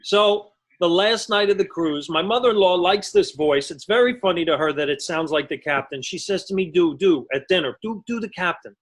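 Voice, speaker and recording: A stand-up comedian in his forties performs a conversational routine over a video call, telling stories with self-mocking punchlines. His voice sits high, his delivery brisk with few pauses, and the recording quality is low.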